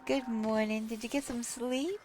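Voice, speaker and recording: A woman's voice: on the high side, fairly even intonation, normal speed, a little mellow, faint music behind. A woman live streaming, chatting casually with viewers, reading chat aloud and playing with how words are pronounced. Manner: reads chat aloud and plays with word pronunciations.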